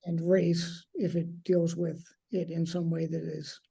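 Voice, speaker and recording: A woman's voice: fairly low pitch, level tone, measured pace, creaky, mellow, husky. A woman hosting a discussion, hesitant and thinking aloud with many fillers. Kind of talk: discussion talk.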